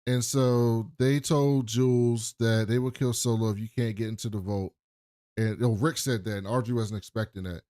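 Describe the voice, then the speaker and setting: A man's voice: mid-range voice, fairly even intonation, normal speed, warm tone, no room sound, studio quality. Laid-back man recapping a TV episode. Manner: loose, profane, laid-back storytelling. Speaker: podcast co-host. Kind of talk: casual TV recap chat.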